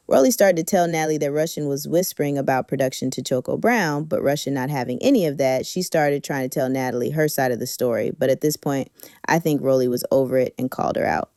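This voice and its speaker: A woman's voice: sits low, darkish tone, no room sound, studio quality. A woman giving a sassy, slang-heavy reality-show recap commentary. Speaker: recap reviewer.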